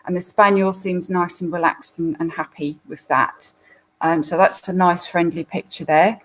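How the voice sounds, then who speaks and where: A woman's voice: on the low side, fairly even intonation, normal speed, poor audio. Chatty woman explaining dog behaviour. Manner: chatty, explanatory, frequent fillers. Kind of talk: live Q&A commentary on viewer photos.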